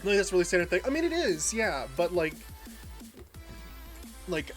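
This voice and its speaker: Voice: mid-range voice, expressive, moderate pace, long pauses, faint music behind. A game streamer chatting casually and rambling through a story, laughing often and greeting viewers by name. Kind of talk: casual livestream chat while gaming.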